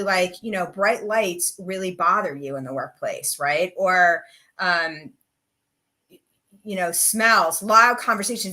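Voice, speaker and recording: A woman's voice: fairly low pitch, bright, forceful tone. A middle-aged woman career coach presenting a live webinar, talking candidly and chattily with lots of "like" and "you know". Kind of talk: casual live webinar talk.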